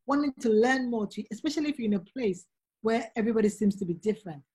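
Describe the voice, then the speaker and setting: A woman's voice: on the high side, expressive, fast, a little mellow, breathy edge. A middle-aged woman, a guest author telling stories in earnest and acting out the voices she quotes. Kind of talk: casual conversation.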